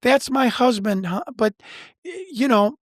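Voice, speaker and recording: A man's voice: very high-pitched, lively intonation, measured pace, no room sound, studio quality, pitched above the performer's own voice, exaggerated voice. A man voicing a polite, helpful elderly woman on the phone, with a hesitant, chatty manner.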